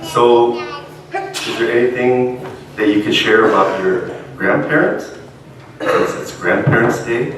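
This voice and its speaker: A man giving a dharma talk as minister, explaining things gently and patiently, recorded in an echoey church hall from a distance. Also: medium pitch, slow pace, noisy background. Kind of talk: dharma talk with puppet dialogue.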